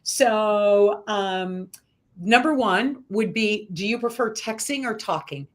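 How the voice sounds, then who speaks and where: A woman hosting a live-stream interview, firing quick questions in a bubbly, teasing way and laughing often. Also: mid-range voice. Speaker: host.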